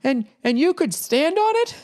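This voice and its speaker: A man voicing a small grandchild asking amazed questions in a high voice. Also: sing-song, normal speed, darkish tone. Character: wide-eyed little grandchild asking questions.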